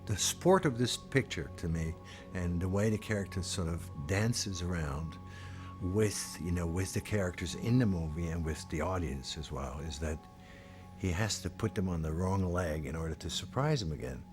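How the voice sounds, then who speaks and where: Low-voiced man, reflective and thoughtful. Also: expressive, moderate pace. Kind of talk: documentary interview. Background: music.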